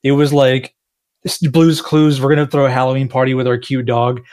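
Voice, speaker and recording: A man's voice: medium pitch, level tone, fairly quick, darkish tone. A man, a game developer, chatting casually on a panel, rambling and self-deprecating, laughing often.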